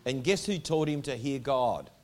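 A man's voice: medium pitch, animated, moderate pace. A man preaching a sermon to a congregation in a church, emphatic and driving home his points with repeated rhetorical questions. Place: church hall before a congregation.

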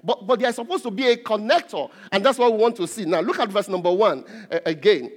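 A man's voice: high-pitched, fast talker. A male pastor preaching a sermon, emphatic, repeating and stressing key words. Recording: long hall reverb.

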